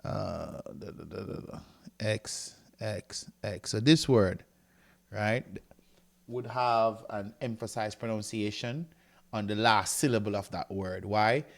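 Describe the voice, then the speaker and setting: Speaking slowly in a fairly low voice with vocal fry, a male Greek teacher works through a recorded grammar lecture one step at a time. He reads from a textbook, writes on a board, and keeps asking "right?" to check in.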